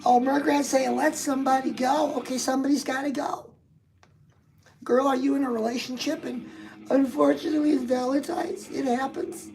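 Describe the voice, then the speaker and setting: A woman's voice: high voice, fairly even intonation, moderate pace, gravelly, darkish tone, soft background music, rough recording. A woman hosting a casual motivational live stream, chatting straight to her viewers and reading out their comments.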